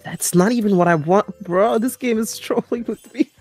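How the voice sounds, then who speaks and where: A man's voice: sits high, moderate pace, a little mellow, no room sound, soft background music. A man streaming a game with a friend, talking in a casual, laughing, self-deprecating way. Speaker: collab streamer. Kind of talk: casual gaming chat.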